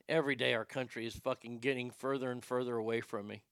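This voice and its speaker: A man hosting a show, ranting in a profane, comedic way and swinging from shouting to muttering. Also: mid-range voice, a little fast, gravelly, few pauses, smooth, no echo, clean studio sound. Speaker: show host.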